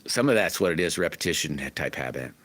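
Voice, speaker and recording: A man's voice: low voice, big pitch swings, quick pace, fairly bright tone. A middle-aged man hosting a livestream, chatting casually with viewers in a folksy, rambling way full of restarts. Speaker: livestream host.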